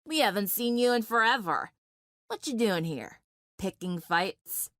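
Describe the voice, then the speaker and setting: A woman voicing a cocky teenage girl gang leader with a slow, taunting drawl. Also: medium pitch, huge pitch swings, fairly bright tone, no room sound, clean studio sound. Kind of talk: dramatic fan fiction reading.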